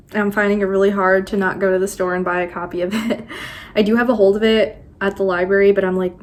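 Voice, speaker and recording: A woman chatting casually in a book vlog, gushing and excitable, sometimes dropping to a whisper. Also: medium pitch, a little hiss or hum. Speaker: book vlogger.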